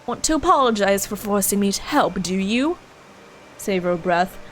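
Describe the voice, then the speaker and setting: Woman voicing aloof sardonic ancient man, quiet, plain read. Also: medium pitch, animated, normal speed, a little hiss or hum, natural voice, rough recording. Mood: dismissive.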